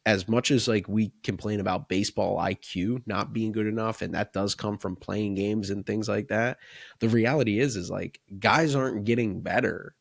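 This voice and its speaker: Gravelly-voiced man coaching on a podcast. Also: fairly low pitch, fairly even intonation, normal speed, no room sound, studio quality. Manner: talks in long run-on thoughts, often adding "right?" and "like". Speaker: baseball coach and podcast co-host. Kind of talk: casual podcast discussion.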